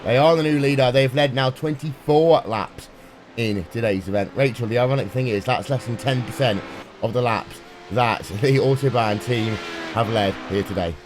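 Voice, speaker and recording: A man calls a sim race live with brisk, playful play-by-play. His voice sits at an ordinary middle pitch for a man. Music plays clearly under the commentary. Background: music playing underneath.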